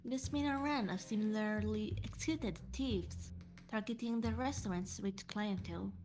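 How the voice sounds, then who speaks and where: A woman's voice: mid-range voice, normal speed, close to an everyday voice. A woman voicing an earnest male police inspector explaining an undercover job, reading plainly with small slips.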